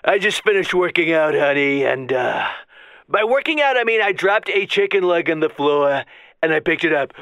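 A man voicing a boastful, bumbling male president in a comedy radio sketch, rambling with a wildly swooping pitch. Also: expressive, moderate pace, creaky, fairly bright tone, no echo.

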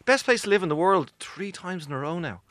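An Irish comedian chatting at a quick clip, his voice sitting a little high for a man. He tells stories and puts on the people in them. The sound is close and dry. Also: animated, fairly bright tone, no room sound. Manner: storytelling, acts out quoted voices. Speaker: comedian and show guest. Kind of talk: casual chat.

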